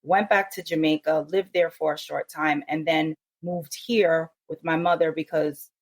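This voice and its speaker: A woman born in the United States, a podcast guest telling her story with animated energy. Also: low-pitched, moderate pace. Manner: animated, mimics others' voices in quotes. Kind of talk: casual podcast interview.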